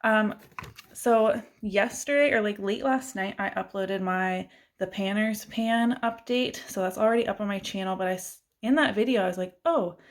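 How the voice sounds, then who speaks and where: A woman's voice: medium pitch, moderate pace. Chatty woman beauty vlogger. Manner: chatty, self-deprecating, laughs often. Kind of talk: casual chat.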